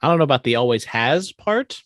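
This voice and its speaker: A man co-hosting a wrestling podcast, giving his opinion in a plain, steady casual chat. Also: medium pitch, fairly quick, dry recording, studio quality. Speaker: podcast co-host.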